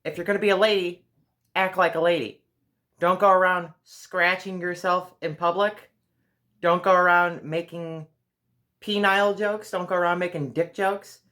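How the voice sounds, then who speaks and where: A woman's voice: lowish voice, fairly even intonation, moderate pace, a bit bright. A woman vlogger giving earnest, direct advice in a casual monologue.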